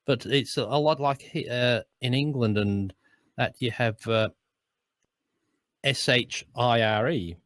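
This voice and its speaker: A man's voice: medium pitch, slow, a bit bright, no room sound. A man with an Australian accent, co-hosting a casual chat and rambling through stories with frequent restarts. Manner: rambling, restarts often, chuckles while explaining. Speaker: co-host, voice-over artist.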